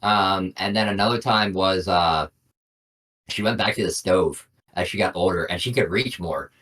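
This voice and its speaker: Rambling low-voiced dad, bright tone. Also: male voice, moderate pace, far from the mic. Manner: rambling storyteller, lots of "I'm like". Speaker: podcast co-host. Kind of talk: casual chat.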